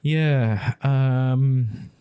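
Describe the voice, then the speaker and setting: A man's voice: mid-range voice, drawn-out words, warm tone, smooth, no echo, studio quality. A man from near London with a southern English accent, co-hosting a podcast in an easygoing chat and searching for names as he goes. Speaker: podcast co-host. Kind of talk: casual chat.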